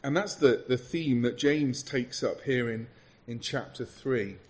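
A man's voice: medium pitch, measured pace, a little mellow. Earnest conversational male preacher. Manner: earnest, conversational, with frequent restarts. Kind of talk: sermon.

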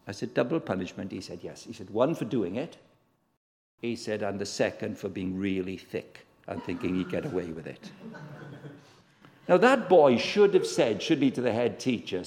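A man's voice: mid-range voice, big pitch swings, moderate pace, a little mellow. A man preaching a sermon, telling stories and acting out the voices in the dialogue. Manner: storytelling, acts out voices in dialogue. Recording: long hall reverb.

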